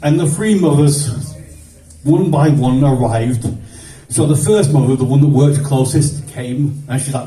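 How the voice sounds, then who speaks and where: A stand-up comedian who grew up in the 1970s rambles through a childhood story on a comedy stage, swearing a lot and doing quick voices for the characters. His mid-range voice sounds mellow and distant, caught on a phone filming from the audience in a roomy recording.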